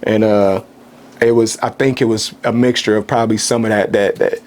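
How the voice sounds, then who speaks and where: A man from Kansas City, a podcast guest, speaking candidly and softly with frequent halting restarts in a casual conversation. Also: on the low side, fairly even intonation. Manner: soft-spoken, candid, halting with many restarts. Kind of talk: casual chat, personal storytelling.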